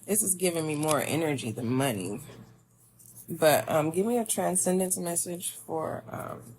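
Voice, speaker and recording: A woman's voice: sits low, animated, measured pace, a little mellow, slight background noise. A woman giving a spiritual tarot reading, talking to the listener in a meandering, musing way. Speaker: tarot reader.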